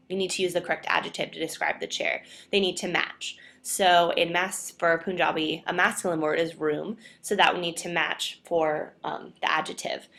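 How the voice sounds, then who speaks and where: A young woman with a lowish voice gives an earnest class presentation. She explains each point carefully and keeps leaning on the word "definitely". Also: vocal fry, fairly bright tone. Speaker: student presenter.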